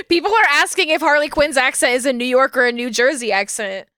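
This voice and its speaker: A woman streamer in casual chat, laughing often and reading messages from chat aloud, with a naturally high voice. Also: expressive, normal speed, bright, forceful tone, no room sound, clean studio sound. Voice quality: high natural register, finds low voices hard.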